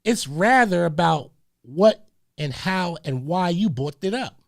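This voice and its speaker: A high, gravelly male voice with lively intonation moves at a slow pace as this community radio host speaks. His manner is preachy, and he keeps repeating phrases and interrupting himself with hold on, wait a minute.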